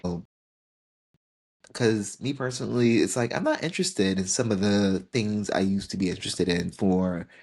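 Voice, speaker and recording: On his podcast, a man in his twenties grows tearful as he reflects from the heart on aging another year. His fairly low voice is creaky and darkish with a breathy edge, moving at a moderate pace.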